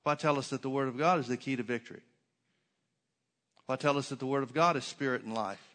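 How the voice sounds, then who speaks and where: A man's voice: mid-range voice, fast talker, a bit bright. A man preaching a sermon to his congregation in a church, emphatic, with many rhetorical questions and repeated phrases. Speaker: pastor.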